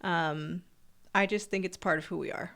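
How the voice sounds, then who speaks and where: Lower-voiced woman podcast co-host, candid and brisk. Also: steady tone, vocal fry, a bit bright. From Mexican-American. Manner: quick, candid storytelling. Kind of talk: casual chat.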